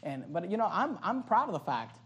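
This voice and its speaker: A man preaching from the pulpit in a high, bright-edged voice. He delivers his sermon with passion and keeps restarting his phrases in quick bursts. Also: big pitch swings, highs cut off. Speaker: pastor.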